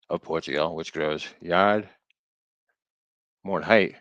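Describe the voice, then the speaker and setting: On a live stream, a man with a bass voice and a fairly bright tone reads aloud from an old book. He reads haltingly, stumbles over words, and keeps breaking off into jokey asides.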